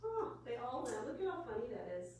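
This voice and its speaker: A woman's voice: on the high side, sing-song, brisk. A woman, a children's librarian reading a picture book to preschoolers and coaxing them with questions. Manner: bright, coaxing teacher talk with questions. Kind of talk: story time read-aloud for preschoolers. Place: library story room. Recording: echoey room, distant mic, faint hiss.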